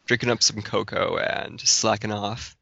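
A man's voice: on the low side, steady tone, normal speed, creaky, pushed and bright, dry recording, muffled recording. A man joining a casual chat with dry, teasing remarks.

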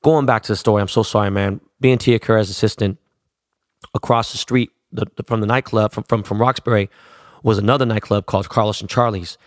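A man's voice: lowish voice, steady tone, brisk, dry recording, studio quality. A middle-aged man from Los Angeles telling a rambling story in casual, slangy talk, swearing constantly.

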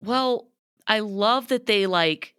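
A woman's voice: mid-range voice, slow, fairly bright tone, clear, resonant tone, no echo, studio quality. A woman co-hosting a podcast, chatting casually about a TV episode with lots of fillers and giggles. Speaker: podcast co-host. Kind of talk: casual recap chat.

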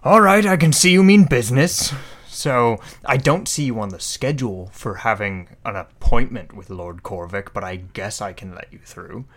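A man voicing a male guard at a lord's door, talking loudly in a mock-formal put-on accent. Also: mid-range voice, normal speed, close to an everyday voice. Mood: grudging.

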